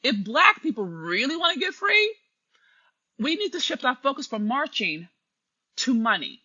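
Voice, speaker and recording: A woman's voice: sits high, sing-song, normal speed, bright, forceful tone, breathy edge. A woman giving an impassioned, preachy live stream monologue, speaking straight to her listeners. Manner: preachy, emphatic, addresses listeners directly. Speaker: commentator. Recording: dull lo-fi live stream audio.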